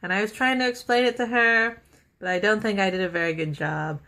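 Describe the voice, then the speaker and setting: A woman's voice: medium pitch, brisk, sharp tone. A young woman vlogger chatting casually to the camera, gushing with enthusiasm, laughing often and stringing ideas together with lots of fillers. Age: young adult. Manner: chatty with many fillers and run-on sentences.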